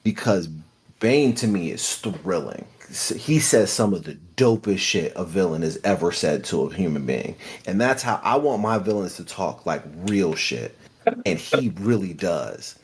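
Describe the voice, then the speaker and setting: A man's voice: low voice, very animated, measured pace, breathy edge. A man on a movie podcast giving emphatic, opinionated takes. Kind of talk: casual movie-discussion chat.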